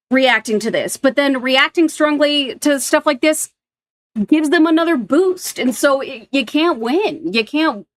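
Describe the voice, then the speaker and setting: A woman's voice: high voice, fairly bright tone. Woman streamer, casual reaction commentary, blunt delivery with frequent swearing, rambling asides.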